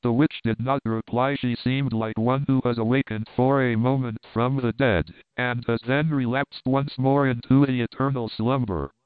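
A man's voice: mid-range voice, steady tone, moderate pace, few pauses, clear, resonant tone, no echo. Man narrating an audiobook over a tinny line. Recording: tinny phone-like dry sound.

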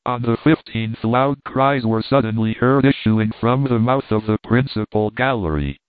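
A man narrating an audiobook chapter in a steady, measured way, with a tinny, phone-like sound. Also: medium pitch, dry recording. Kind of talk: audiobook reading.

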